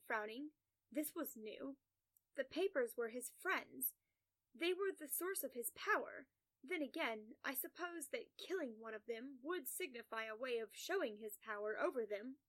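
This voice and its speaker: A woman narrating a first-person story in a calm, measured, soft-spoken way. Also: high-pitched, dry recording.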